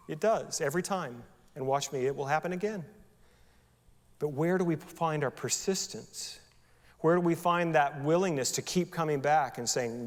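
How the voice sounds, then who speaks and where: Male pastor, sermon, slightly high voice, chatty preaching with rhetorical questions, echoing sanctuary. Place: church sanctuary.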